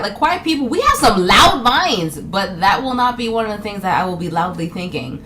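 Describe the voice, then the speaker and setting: Speaking quickly with few pauses, this young woman from New York has a medium-pitched, sing-song, somewhat bright voice. As a vlogger she delivers a chatty comedic monologue to camera, often laughing and playing out other people's lines over slight background noise.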